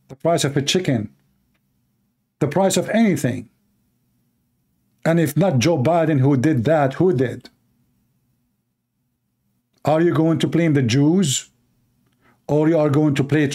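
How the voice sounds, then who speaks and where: Speaking slowly and pausing often, a Middle Eastern Christian preacher with an Arabic accent hammers out a fiery political sermon in brief, repeated, punchy lines of emphatic exhortation. His fairly high voice has a darkish tone and a breathy edge.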